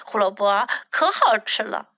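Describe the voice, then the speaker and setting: A woman's voice: mid-range voice, very animated, a little slow, bright, forceful tone, pitched below the performer's own voice, heavily acted. A woman voicing a perky, cheerful rabbit in a bilingual children's storybook reading, with bouncy, playful delivery. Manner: bouncy, playful sound words.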